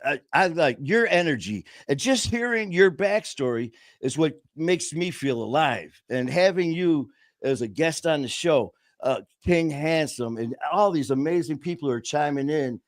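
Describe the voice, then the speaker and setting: A man's voice: on the high side, expressive, normal speed, dry recording, clean studio sound. A man hosting a podcast, telling a personal story in an earnest, emotional way and often calling people "man" and "brother". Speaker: podcast host. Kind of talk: casual conversational storytelling.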